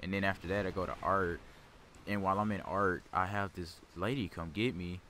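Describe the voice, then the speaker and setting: A man's voice: low-pitched, steady tone, fairly quick, sharp tone, slight background noise. A man casually telling a rambling story over gameplay, stammering and repeating words. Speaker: gaming video host.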